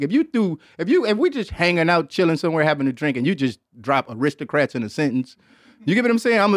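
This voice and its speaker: A man's voice: on the high side, no room sound, clean studio sound. A man hosting a casual podcast, talking loosely and profanely and laughing often as he rambles. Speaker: podcast host.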